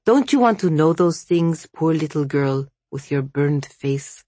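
A woman voicing a proud, malicious old witch grandmother in a storybook reading, speaking sharply and imperiously, a little above her low, husky narrating voice. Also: animated, measured pace, dark tone, no room sound.

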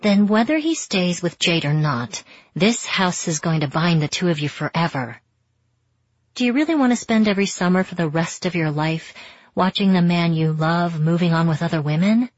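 A woman's voice: fairly low pitch, moderate pace, a little mellow, no echo, dull audio, natural voice. A woman voicing a frank, nosy adult woman friend who presses with blunt questions, in an audiobook. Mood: probing. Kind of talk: audiobook character voice.

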